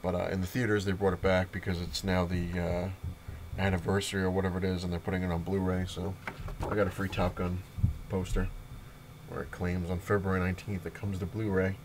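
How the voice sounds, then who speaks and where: Low-voiced man rambling through a comic vlog. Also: level tone, fairly quick, background noise. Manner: rambling, filler-heavy retelling with laughs. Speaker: comic book vlogger. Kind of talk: casual comic review vlog.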